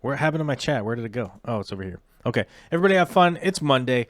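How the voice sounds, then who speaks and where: A man's voice: medium pitch, animated, racing, dry recording, studio quality. A man hosting a casual aquarium livestream, chatting loosely with many fillers and restarts.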